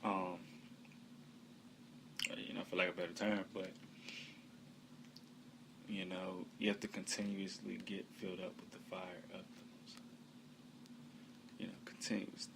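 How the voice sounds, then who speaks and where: A man teaching from the bible in a conversational way, with many fillers, reading scripture slowly and loudly. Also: sits low, flat delivery, gravelly, noisy background.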